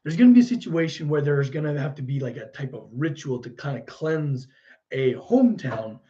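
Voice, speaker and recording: Relaxed man chatting on a livestream. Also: medium pitch, normal speed, highs cut off. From United States. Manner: relaxed, musing aloud while painting, chatting with viewers. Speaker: livestream host painting miniatures. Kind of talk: casual live-stream chat.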